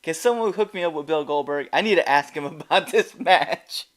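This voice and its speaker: A man's voice: on the high side, moderate pace. A man hosting a podcast in casual chat, rambling and laughing often as he reacts to wrestling. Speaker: podcast host.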